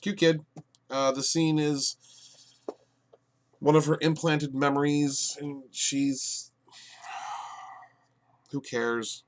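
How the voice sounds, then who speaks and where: A man giving an exasperated review of a TV show, with lots of fillers and restarts, dropping to low mutters and then bursting out loud. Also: flat delivery, extremely slow, long pauses, slight background noise. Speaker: podcast reviewer. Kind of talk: ranting review commentary.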